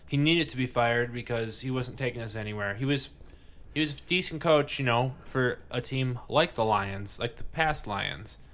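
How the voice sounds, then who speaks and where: A man's voice: mid-range voice, normal speed, fairly bright tone. A man hosting a casual podcast, chatting and joking loosely while tasting beer. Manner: rambling, swears, laughs a lot. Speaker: podcast host.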